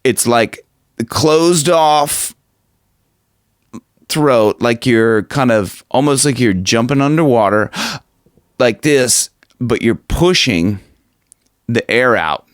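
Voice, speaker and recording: A male vocal coach explains technique in an unhurried, rambling way, circling back on his own phrases. The sound is dry and close, with no room around it. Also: mid-range voice, no echo. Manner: rambling, restarts, demonstrates screamed lines and breathy talk. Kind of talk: casual vocal lesson with demonstrations.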